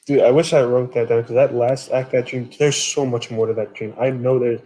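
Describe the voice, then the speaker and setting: A man's voice: medium pitch, fairly even intonation, brisk, mellow, low-quality recording. A man joking around in casual chat with friends.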